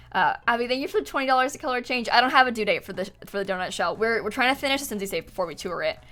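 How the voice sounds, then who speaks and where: A woman's voice: medium pitch, pushed and bright. A young woman chatting casually on a live stream while playing a game, giggling often and thanking viewers from chat. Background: faint music.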